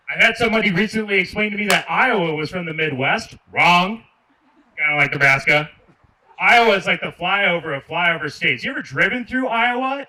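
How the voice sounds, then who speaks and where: Bright-voiced sarcastic stand-up comic outdoors. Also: male voice, high voice. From Michigan. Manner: sarcastic, addresses the crowd directly. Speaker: stand-up comedian. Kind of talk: stand-up comedy set. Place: outdoor park stage. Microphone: handheld stage mic. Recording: distant mic with faint noise.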